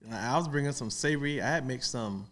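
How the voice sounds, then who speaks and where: A man talks in an easygoing podcast chat, his pitch sitting in an ordinary middle range. He drifts through his thoughts and trails off with small fillers. The delivery stays unhurried and conversational. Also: a bit bright. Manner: easygoing, trailing off with "you know". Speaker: pitmaster and restaurant owner.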